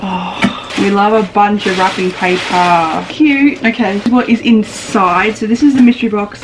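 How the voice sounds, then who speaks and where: A woman filming an excited unboxing vlog at home, gushing and exclaiming as she opens each item. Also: medium pitch, measured pace, hardly any pauses, background noise. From Australia. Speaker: beauty vlogger. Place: home, washing machine running nearby.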